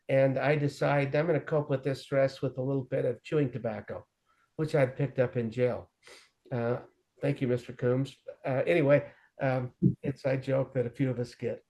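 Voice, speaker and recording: Mellow-voiced middle-aged man telling his story. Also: mid-range voice. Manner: self-deprecating humor, frank and plain-spoken. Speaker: guest sharing his recovery story. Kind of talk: candid personal storytelling.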